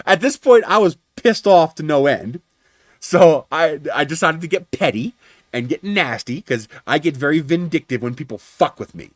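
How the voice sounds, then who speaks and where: A man telling a story on his own livestream, voicing each person on the calls himself. He curses openly and his pitch swings widely, climbing as he works himself up. The sound is dry and close, with no room echo. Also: moderate pace. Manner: animated, profane, acts out both sides of phone calls. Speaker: livestream host.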